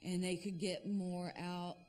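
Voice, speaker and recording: A woman's voice: on the low side, level tone, unhurried, darkish tone, a little hiss or hum. A woman telling of an ordeal she lived through as a prison officer, in a documentary interview, in a plain, matter-of-fact way.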